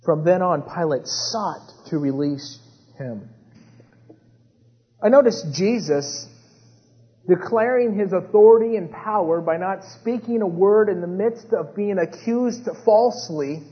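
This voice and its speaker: A man preaching a sermon with dramatic swings between hushed retellings and rising intensity. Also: sits high, a little slow. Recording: dull sound with long hall reverb.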